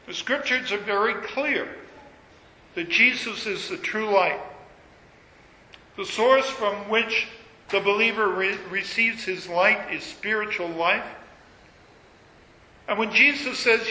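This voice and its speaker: A man preaching a sermon, reading scripture aloud and rising to emphatic, high-pitched peaks on key phrases. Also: measured pace, bright, forceful tone. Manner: reads scripture in King James wording, builds to emphatic high peaks. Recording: echoey hall with long reverb, faint ambience.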